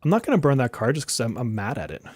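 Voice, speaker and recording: A man's voice: mid-range voice, wildly swooping pitch, fast, a little mellow, slightly rough, no room sound, studio quality, faint music behind. A man streaming a game live, joking and exasperated, often swearing and laughing as he talks to his viewers. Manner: talks to chat viewers directly. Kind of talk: live-stream gaming commentary.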